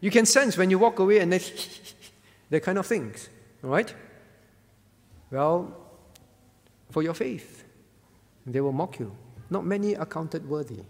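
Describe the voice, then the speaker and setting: A man's voice: high-pitched, expressive, measured pace, long pauses, in a large hall. A male pastor preaching a sermon earnestly, often checking in with the congregation by asking "all right?".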